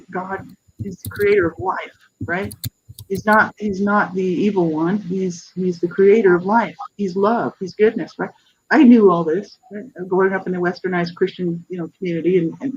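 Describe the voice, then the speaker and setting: A woman's voice: medium pitch, moderate pace, slightly rough, highs cut off. A woman in her fifties, a guest on a radio interview, earnestly telling her personal story with frequent restarts and asides. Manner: earnest, searching, frequent restarts and "you know, right?". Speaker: interview guest, author and advocate.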